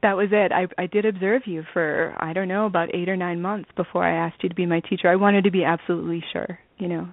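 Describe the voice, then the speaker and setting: A woman's voice: on the low side, fairly even intonation, fast, hardly any pauses, no room sound. A woman speaking as a guest in an interview over a video call, earnest and sprinkling in "you know". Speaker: interview guest, spiritual student. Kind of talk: conversational interview. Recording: dry, tinny phone-like line.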